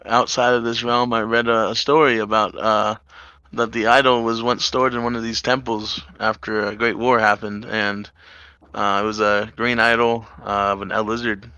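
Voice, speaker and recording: A man's voice: fairly low pitch, level tone, normal speed, bright, forceful tone, smooth, no echo, muffled recording. A man playing his character in a tabletop game, speaking plainly and earnestly. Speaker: player.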